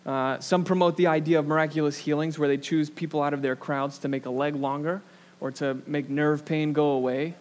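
A young man delivering a sermon, his pitch sitting a little high. He talks casually and pokes fun at himself, with plenty of ums and likes. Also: steady tone, brisk. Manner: casual, self-deprecating storyteller with many fillers. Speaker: pastor. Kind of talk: sermon with a personal anecdote.

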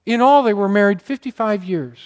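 A man with a fairly high voice preaches a sermon to his congregation. He tells stories earnestly, with deep feeling that sometimes catches in his throat. His delivery rises and sinks as he stresses key words. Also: a little fast, darkish tone. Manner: earnest, emotional storytelling, gets choked up. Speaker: pastor.

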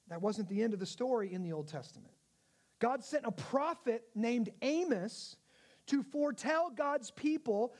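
A man's voice: extremely high pitch, a little mellow. A male pastor giving a conversational sermon, often checking in with his listeners. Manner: conversational, asks the audience questions.

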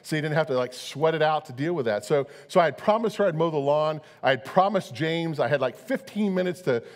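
Middle-aged pastor guy telling a story from the pulpit, kinda high voice, long echo in the church. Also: expressive, brisk. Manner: chatty, repeats words, acts out both sides of a story. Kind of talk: storytelling sermon. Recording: long hall reverb.

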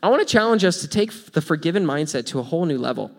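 A man's voice: on the high side, big pitch swings, rapid-fire. A man preaching a sermon in a loose, conversational way, joking and laughing at his own examples. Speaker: pastor.

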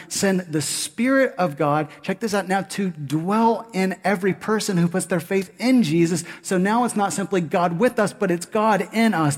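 A man preaching a sermon as pastor, animated, with rhetorical questions to the congregation. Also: sits high. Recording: long hall reverb.

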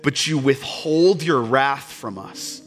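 A man preaching a sermon as pastor, impassioned and swinging from loud, fervent passages to hushed, tender ones. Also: medium pitch, slow, faint music behind.

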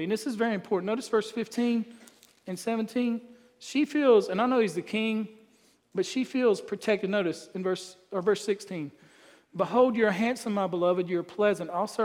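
High-voiced pastor in reverb. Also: male voice, darkish tone. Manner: folksy, conversational preaching with asides to the men. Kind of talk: sermon.

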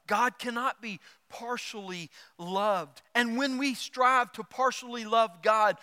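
A pastor preaching a sermon, lively and joking, acting out quoted voices. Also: male voice, sits high, in a large hall. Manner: animated, acts out quoted voices and jokes.

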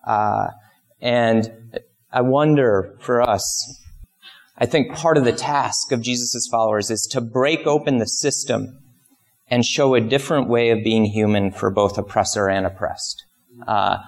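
A pastor giving a conversational sermon, telling stories and briefly acting out the people in them. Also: male voice, vocal fry. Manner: conversational storytelling, acts out voices with big pitch jumps.

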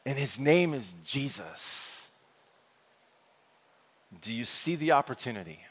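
A man preaching a sermon with energetic call-and-response delivery. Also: mid-range voice, takes it slowly, slightly rough. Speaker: pastor. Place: church sanctuary. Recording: long hall reverb.

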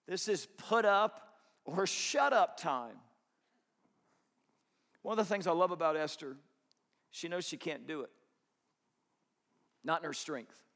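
Male pastor, high voice, dramatic sermon delivery, reverberant church recording. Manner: dramatic, swings from hushed to loud, acts out quotes.

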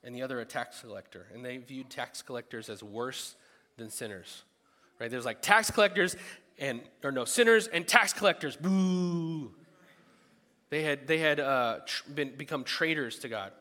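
A man preaching a sermon in a lively, animated way, breaking into loud bursts when he acts out what people think. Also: mid-range voice, moderate pace, big-room sound. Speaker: pastor.

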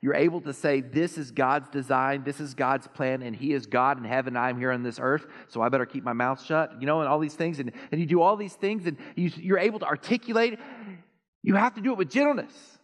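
A man preaching a sermon as pastor, animated and self-deprecating, swinging between quiet asides and loud emphasis. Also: medium pitch, a little fast. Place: church sanctuary. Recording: long reverb of a church hall.

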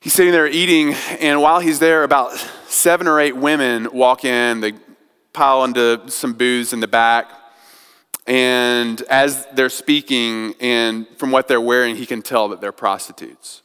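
Guy pastor preaching, smooth voice, goes soft then loud, echoey church hall. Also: steady tone. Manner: storytelling, builds from soft and slow to loud and high. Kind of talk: sermon. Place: church sanctuary. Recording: long church hall reverb.

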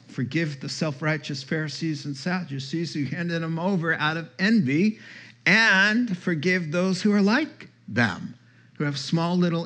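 A man's voice: on the high side, fairly bright tone. A male pastor delivers a sermon with emphatic energy. He quotes scripture and turns aside to talk casually with his congregation.

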